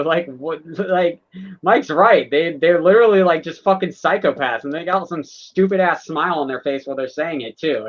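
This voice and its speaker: A man's voice: fairly high pitch, highs cut off. A man co-hosting a livestream who chats loosely, jokes, laughs and swears often. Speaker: podcast co-host. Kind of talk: casual livestream chat.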